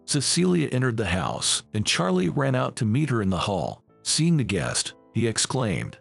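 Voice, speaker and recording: A man narrates a scripted story with a gravelly, husky voice and a lively, animated pitch. Faint music runs beneath the narration. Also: normal speed, hardly any pauses.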